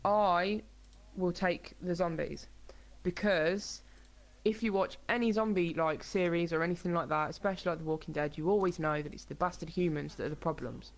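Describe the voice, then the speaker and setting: Gravelly-voiced chatty podcast guest. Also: medium pitch, moderate pace. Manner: chatty, argues with lots of fillers. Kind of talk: casual chat.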